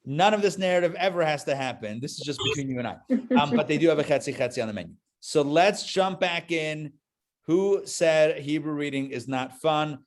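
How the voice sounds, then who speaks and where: A man's voice: on the high side, brisk. A man teaching a live online Hebrew reading class, chatty and joking as he drills syllables aloud on a video call.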